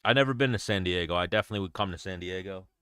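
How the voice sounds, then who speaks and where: A man's voice: sits low, very fast, a bit bright, smooth, no echo, studio quality. A young adult man hosting a casual livestream chat, talking bluntly and profanely in a rambling way. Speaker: show host.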